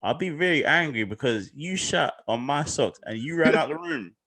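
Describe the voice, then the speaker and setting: A young man with a London accent, a podcast co-host in casual chat, animated, indignant and swearing. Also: on the high side, normal speed.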